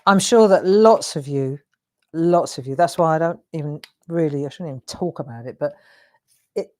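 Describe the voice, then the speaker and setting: A woman with a fairly low voice leads a relaxed drawing tutorial. She talks chattily as she works, with a self-deprecating humour. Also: moderate pace. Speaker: craft demonstrator hosting a live stream.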